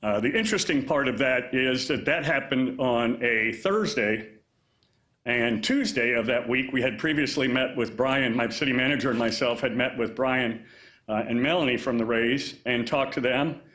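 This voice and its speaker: Chatty mayor in an echoey room. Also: male voice, medium pitch, moderate pace. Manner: relaxed, chatty, many fillers. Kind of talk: press conference remarks. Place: indoor press conference room.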